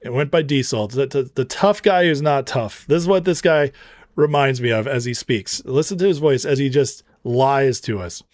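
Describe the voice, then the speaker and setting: A man's voice: mid-range voice, moderate pace, a little mellow, no echo. A man hosting a political commentary show, ranting with heated scorn and slipping into storytelling asides. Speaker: show host.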